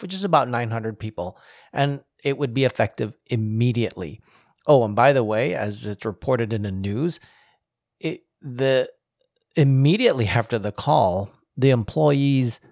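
A man giving casual spoken commentary on leadership, emphatic and climbing higher in pitch as he presses a point. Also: creaky, no room sound, studio quality. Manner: emphatic, rises in pitch when making a point.

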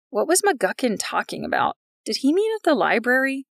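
A woman with a gravelly voice reads a story aloud in a wry narrating style. The recording is dry and close, with no room sound. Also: a little high, huge pitch swings, normal speed, hardly any pauses, no echo. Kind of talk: scripted narration of a fiction podcast.

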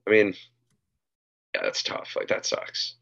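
A man's voice: slow pace, sharp tone. A laid-back man chatting casually as a podcast co-host, laughing along and often trailing off. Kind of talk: casual chat. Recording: dull, muffled mic.

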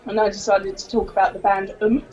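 A woman's voice: mid-range voice, little pitch movement, brisk, dull audio, crowd noise. A woman with a giggly manner, telling stories as a podcast co-host in casual chat. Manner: giggly storyteller, laughs through her words.

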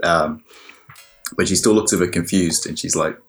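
A man narrating as game master, relaxed and laughing often as he describes scenes. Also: sits low, normal speed, soft background music.

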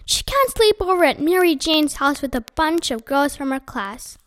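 A woman's voice: high voice, lively intonation, moderate pace, no echo. A woman doing a stern, scolding mother. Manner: sharp, raised, scolding delivery. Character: stern exasperated mother scolding her children.

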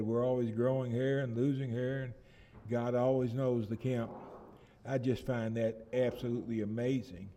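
A middle-aged man preaching a sermon, often restarting phrases and swelling loud and slow when he reads scripture. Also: mid-range voice, level tone.

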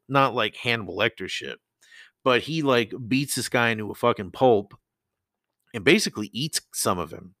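A man hosts a casual solo podcast, talking into a close mic with no echo, rambling, swearing, and laughing often. His voice sits fairly low in pitch with a fairly bright tone.

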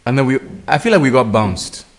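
Man, podcast co-host, animated intonation, teasing, casual. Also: mid-range voice, brisk. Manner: teasing, joking delivery. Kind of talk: casual chat.

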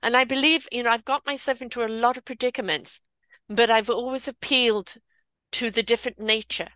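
A woman host with a South African accent, telling a story in a lively, candid way. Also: on the high side, brisk, no echo. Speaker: podcast host. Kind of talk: casual conversational storytelling. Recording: dry close recording.

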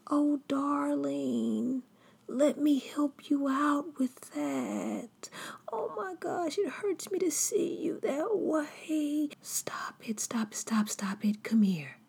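This is a syrupy, gossiping woman who pretends to care, performed by a woman preacher in a much higher put-on voice. She coos in a breathy, half-whispered sing-song, all sugar and theatrical sympathy. The warmth is thin and insincere. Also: big pitch swings, slow pace, heavily acted. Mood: syrupy fake pity. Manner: cooing, over-sweet, theatrical pity.

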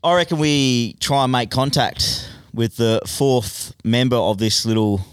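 A man's voice: medium pitch, unhurried, clean tone, no room sound. An easygoing man hosts a podcast chat. His voice sits mid-range, full of casual fillers, recorded close and dry. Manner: relaxed, filler-heavy. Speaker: host.

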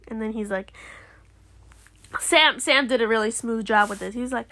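A young woman recapping a TV episode in casual chat, animated and indignant, slipping into quick impressions of the characters. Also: on the high side. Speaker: show reviewer.

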